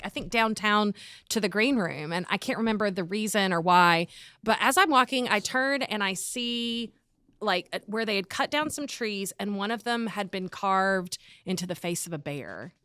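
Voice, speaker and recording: Woman, podcast guest, bright tone, dry close sound, chatty with lots of ums. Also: medium pitch, clear, resonant tone, no room sound. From North Carolina, USA. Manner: chatty, laughs often, many ums. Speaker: podcast guest, arts executive director. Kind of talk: casual interview chat.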